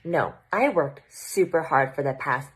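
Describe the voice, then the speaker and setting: A woman's voice: low voice, animated, measured pace, slightly rough, low-quality recording. A woman in her thirties, a blogger and businesswoman, giving confident advice to camera as a numbered list. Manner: confident, listing points in order. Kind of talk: scripted talking-to-camera advice.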